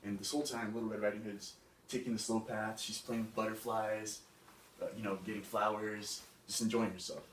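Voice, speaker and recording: A man's voice: lowish voice, level tone, a little fast, a bit bright. Casual young man telling a tale. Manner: casual, conversational, loose fillers. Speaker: student storyteller. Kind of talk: casual storytelling. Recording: echoey room, mic far off, faint hiss.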